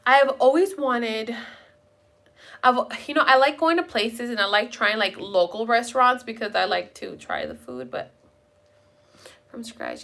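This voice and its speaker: Chatty, bright-voiced young woman streamer. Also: a little high, moderate pace, creaky. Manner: rambling, chatty, casually profane. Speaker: live streamer chatting with viewers. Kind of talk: casual chat.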